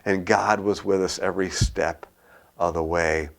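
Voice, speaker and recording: A man preaches from the pulpit, with a voice that sits on the low side. He tells a personal story with animation and acts out both sides of a conversation. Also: measured pace, vocal fry. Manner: animated storytelling, acts out his own panic and a dialogue. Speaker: pastor.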